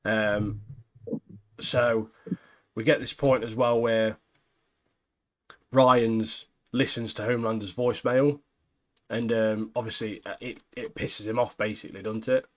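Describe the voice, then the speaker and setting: A man's voice: on the low side, little pitch movement, a little slow, pauses often. Chatty man recapping a show. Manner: chatty, recapping scenes with slang and laughs. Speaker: podcast co-host. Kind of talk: casual chat.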